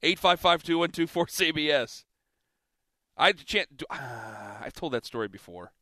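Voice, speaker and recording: A man's voice: on the high side, normal speed, no room sound. A man hosting a sports talk radio show, taking calls and arguing his points with emphatic energy. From Ohio. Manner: lively, emphatic, talks back to callers.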